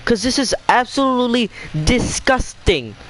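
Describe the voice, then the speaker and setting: A man's voice: very high-pitched, big pitch swings, normal speed, fairly bright tone, a little hiss or hum, low-quality recording. A young man venting in a heated, swearing rant as a vlogger, repeating himself as he talks. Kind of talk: angry rant to camera.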